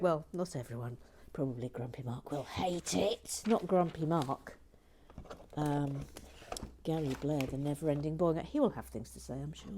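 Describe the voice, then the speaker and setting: A woman's voice: on the low side, normal speed, dark tone. A woman hosting a casual building vlog, chatty and cheerful, greeting viewers by name with plenty of ums and uhs. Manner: chatty and cheerful, reading out viewer comments, many fillers. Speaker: host.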